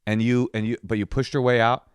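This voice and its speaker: A man's voice: mid-range voice, fairly quick, clear, resonant tone. A man co-hosting a comedy podcast, telling a story with acted-out quotes in casual chat. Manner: animated storytelling, acts out quotes loudly. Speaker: podcast co-host.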